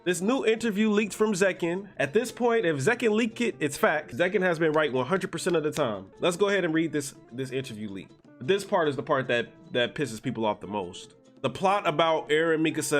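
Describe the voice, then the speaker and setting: A young man giving a profane, exasperated commentary rant, swinging from slow mutters to shouting. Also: medium pitch. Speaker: anime commentator. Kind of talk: ranting video commentary.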